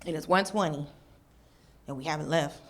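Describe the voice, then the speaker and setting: A woman comedian doing a stand-up set, telling a story in an animated way and jumping into high voices when she plays other people. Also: moderate pace. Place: stage before a laughing audience. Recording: live show with audience noise.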